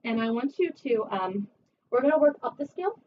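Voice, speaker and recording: A woman voice teacher giving a one-on-one singing lesson, chatty and encouraging, her voice a little rough from a recent cold. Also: a little high, animated, fairly quick. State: recovering from a cold. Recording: distant, dull camera audio with faint hiss.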